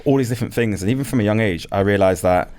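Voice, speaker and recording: A man's voice: fairly low pitch, racing, darkish tone. A British man, a podcast guest, speaking earnestly and giving advice from his own experience. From Britain. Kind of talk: casual chat.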